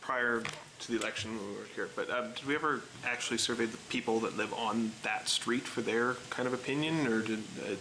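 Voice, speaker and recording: A man, a city councillor, asking halting questions in a council debate. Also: medium pitch, noisy background. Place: council chamber.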